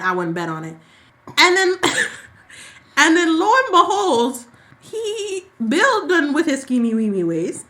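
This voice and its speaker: A woman co-hosting a podcast, casually recapping a soap opera and acting out the characters' lines in quick, sassy asides. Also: on the high side. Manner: animated storyteller who acts out characters' lines. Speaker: podcast co-host.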